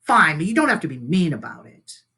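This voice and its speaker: A man's voice: on the high side, big pitch swings, brisk, bright, forceful tone, slightly rough, full character voice. Grumpy sulky little bro bear, man voicing him. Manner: sulky and grumbling. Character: touchy younger male bear, echoing brother.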